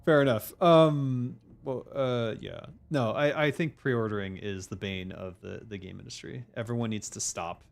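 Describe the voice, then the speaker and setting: A man's voice: medium pitch, normal speed, gravelly, hardly any pauses, faint music behind. A man hosting a casual stream chat as a game designer, ranting emphatically with lots of swearing.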